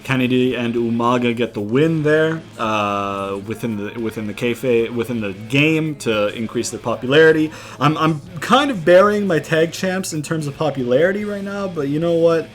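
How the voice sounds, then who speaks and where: A young man talks through his wrestling game in a loose, rambling way, leaning on fillers and slang. He swears casually as he explains his plans. His voice sits at an ordinary middle pitch. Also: lively intonation, moderate pace, hardly any pauses. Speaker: gaming commentator. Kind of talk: casual gameplay commentary.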